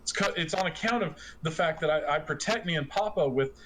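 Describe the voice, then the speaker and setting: A man's voice: a little high, fairly quick, lightly acted. A man voicing a timid young peasant girl who stammers in rustic, folksy speech, over a noisy online voice chat. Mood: fearful.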